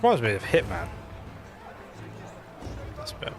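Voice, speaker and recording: A man's voice: medium pitch, wildly swooping pitch, a little slow, long pauses, soft background music. A young British man giving casual, joking commentary while streaming a game, chatting and interrupting himself.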